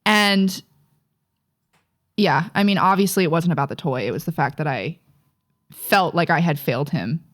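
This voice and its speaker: A woman's voice: low-pitched, normal speed, long pauses. A young woman co-hosting a podcast, telling a childhood story in a rambling, profane, casual way full of fillers. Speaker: podcast co-host.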